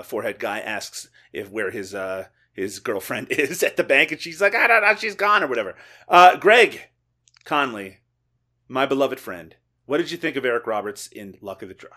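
A man hosting a casual podcast chat, enthusiastic and quick to laugh. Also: on the low side, bright, forceful tone. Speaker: podcast host.

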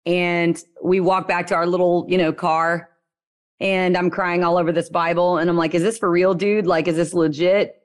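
A young woman with a Southern Louisiana accent tells her story as an interview guest. Her voice sits a little low, and she talks in a loose, lively way with playful asides. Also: normal speed. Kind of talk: casual storytelling.

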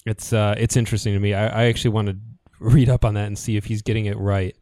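A man from Michigan co-hosting a casual podcast, chatting in an animated way with restarts and laughter. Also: on the low side, fast talker, no echo, studio quality. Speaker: podcast co-host. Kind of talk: casual chat.

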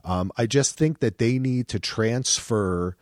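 A man co-hosting a podcast in casual chat, animated and profane, with frequent restarts. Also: mid-range voice, slow pace, no echo, studio quality. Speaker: podcast co-host.

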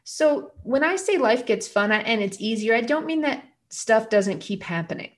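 A woman speaking as a guest in a casual conversational interview, earnest and emphatic, growing animated as she makes her points. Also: fairly high pitch, normal speed.

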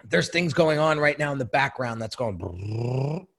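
A man's voice: fairly high pitch, fairly quick, fairly bright tone. A man who is a podcast guest, telling candid stories in a conversational way and often repeating words as he starts a sentence. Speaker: branding consultant guest.

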